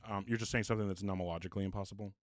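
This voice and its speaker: Low-voiced blunt male debate host. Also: steady tone, rapid-fire, a little hiss or hum. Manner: blunt, questioning, restates premises. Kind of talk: live call-in debate.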